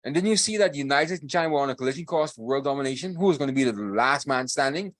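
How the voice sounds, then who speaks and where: A man's voice: medium pitch, animated, rapid-fire, fairly bright tone, no echo. Guy ranting on a podcast, repeats himself a lot, dry close sound. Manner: ranting, emphatic, repetitive. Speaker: podcast co-host. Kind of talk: casual political talk.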